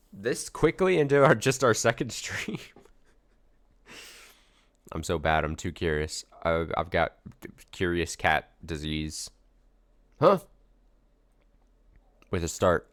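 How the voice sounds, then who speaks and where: A man's voice: low voice, unhurried, pauses often, fairly bright tone, no echo, studio quality. A man streaming a video game, reading its story text aloud dramatically and adding wry asides.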